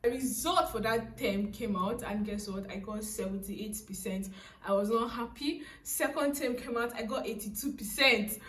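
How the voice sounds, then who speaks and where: A young woman in her twenties with a Nigerian accent, telling a personal story casually to camera in a chatty, animated way. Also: a little high, normal speed, reverberant, distant mic, slight background noise. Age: young adult. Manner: chatty, animated, laughing, frequent "so, like". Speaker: vlogger.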